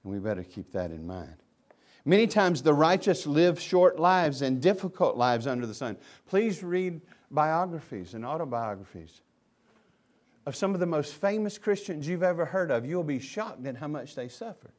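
A pastor preaching with a fairly high voice. He talks with passion, going from loud and pressing to low and quiet. His delivery is fervent and direct. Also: very animated, normal speed. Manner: impassioned, swings from loud to hushed. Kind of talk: sermon.

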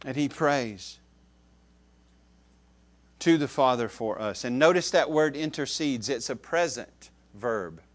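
A man preaching a sermon, who stresses key words loudly, then drops to soft, low asides and repeats phrases to his listeners. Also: expressive, slow pace, pauses often. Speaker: pastor.

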